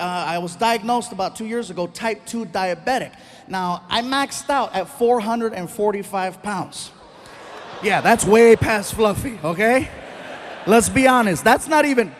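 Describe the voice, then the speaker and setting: A male comedian with a strikingly high voice spins a long story on stage. He is animated and slips in and out of the voices of the characters he describes. A faint hum of the live room sits behind him. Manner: animated, acts out voices of people in his stories. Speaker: stand-up comedian. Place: large theater stage with live audience.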